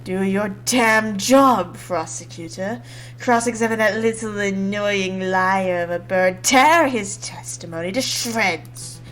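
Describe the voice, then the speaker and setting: A woman voicing a grumpy, impatient male bird judge, reading game dialogue in a gruff, cranky manner. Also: medium pitch, a bit bright. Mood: demanding. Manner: gruff and cranky, quick to anger.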